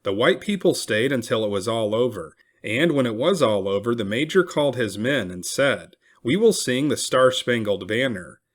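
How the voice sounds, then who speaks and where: A man reads a historical first-person account aloud at a middling pitch. His delivery swings widely in pitch, and he lifts his voice when quoted people cry out. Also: moderate pace, few pauses. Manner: expressive, raising the voice for cried-out quotes. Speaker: reader. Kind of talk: reading a historical memoir aloud.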